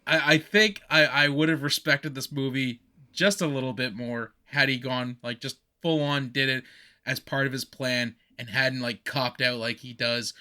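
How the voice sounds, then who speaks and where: Animated, bright-voiced male podcast host. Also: mid-range voice, measured pace. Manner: animated, laughing, rambling recaps. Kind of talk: casual chat about a movie.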